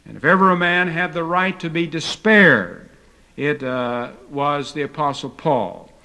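Older man, Bible lecture, folksy storyteller, hesitant fillers, fairly high voice. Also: a little slow, pushed and bright. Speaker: Bible teacher.

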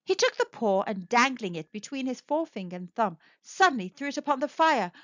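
A woman reads a classic story aloud in a clear, expressive storyteller's voice, pitched in the middle range. The recording is dry and a little dull, with no room sound. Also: a little fast, no echo. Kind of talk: storybook narration for English learners.

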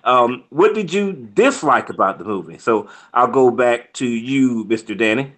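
Bright-voiced man teasing his co-host. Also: mid-range voice, normal speed. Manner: teasing, animated, playful ribbing. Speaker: movie review co-host. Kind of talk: casual podcast review chat.

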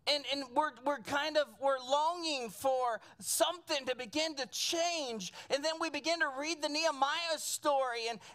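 A preacher with a high voice delivers an impassioned sermon, repeating phrases and restarting sentences as the thoughts pour out. The voice sits above the usual range for a speaker and carries through a church sanctuary with only a small congregation present. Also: moderate pace, hardly any pauses, fairly bright tone. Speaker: pastor.

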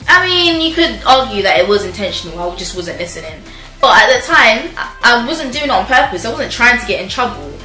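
Young woman, vlogger, casual storytime, animated and laughing, bright voice, echoey room. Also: fairly high pitch, a little fast. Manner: animated, chatty, laughs often. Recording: roomy echo with faint music.

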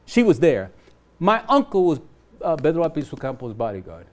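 A man's voice: on the high side, very animated, fairly quick. A man in his seventies, a guest on a studio talk show, speaking passionately and urging listeners directly. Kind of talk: passionate conversation. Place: television studio.

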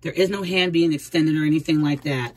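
A woman's voice: low voice, fairly quick, rough recording. A woman giving a casual tarot reading, chatty and speaking straight to the viewer with frequent laughs. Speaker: tarot reader.

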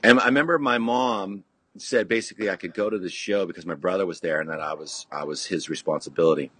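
A middle-aged man from California tells stories in a loose, rambling way, full of restarts and casual swearing. His voice sits fairly low and has a husky grain. The studio sound is dry and close. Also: fast, pushed and bright, dry recording. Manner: laid-back, swears freely, many restarts and "you know"s. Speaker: podcast guest, punk musician. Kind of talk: casual storytelling. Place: podcast studio.

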